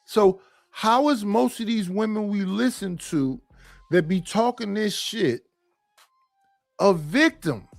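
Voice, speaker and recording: Blunt, profane man with a high voice. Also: takes it slowly, vocal fry, long pauses, dry recording, faint music behind. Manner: blunt, profane, rambling with restarts. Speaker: panel guest. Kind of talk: casual opinion talk.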